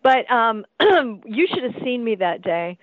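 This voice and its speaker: A fairly high-voiced woman tells her story with energy, slipping into the voices of the people she quotes. Her sound is thin and phone-like, and dry with no room around it. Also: takes it slowly, no echo. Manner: acts out quoted voices, frequent laughter, lively restarts. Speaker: actress telling her career story as a guest. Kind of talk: animated anecdotal storytelling.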